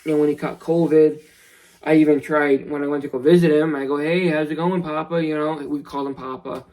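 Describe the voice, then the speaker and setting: Halting, earnest young man. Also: on the high side, flat delivery, mellow, poor audio. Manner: halting, many restarts and fillers; earnest, somber. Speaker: vlogger. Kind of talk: personal storytelling vlog.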